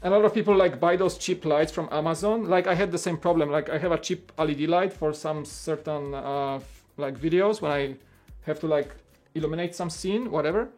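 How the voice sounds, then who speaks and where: A man's voice: fairly high pitch, brisk, a little mellow, soft background music. A man hosting a casual livestream, rambling along and filling his talk with "like" and restarts. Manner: rambling, heavy use of "like" and restarts. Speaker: livestream host. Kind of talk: casual chat.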